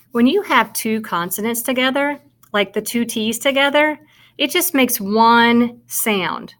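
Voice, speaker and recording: With a fairly high, slightly bright voice and an unhurried pace, a woman gives a slow, patient phonics lesson on kindergarten sight words. She sounds out and spells each word, speaking directly and encouragingly to the watching child and praising them along the way.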